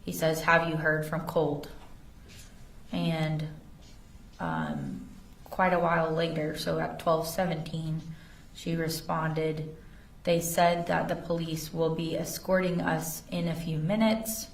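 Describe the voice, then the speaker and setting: Woman witness reading texts in court, deep raspy voice, echoey far-off courtroom audio. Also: slow pace, a little hiss or hum. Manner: careful, reads text messages aloud. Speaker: investigator testifying as a witness. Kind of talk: courtroom testimony.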